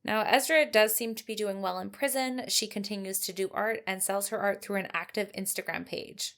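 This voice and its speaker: A woman's voice: medium pitch, moderate pace. Woman co-host telling a true-crime case. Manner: steady storytelling, calm and supportive. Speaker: podcast co-host. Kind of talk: true-crime narration and chat.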